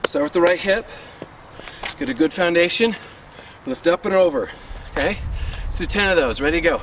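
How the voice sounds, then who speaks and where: An upbeat young man leads a sword class outdoors, counting out reps and encouraging his students while a little out of breath. His voice sits a bit high and comes from a distance over steady neighborhood noise. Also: moderate pace, pauses often. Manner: upbeat and encouraging, chatty with fillers. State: a little winded. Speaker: sword fighting coach. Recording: distant mic with loud street noise.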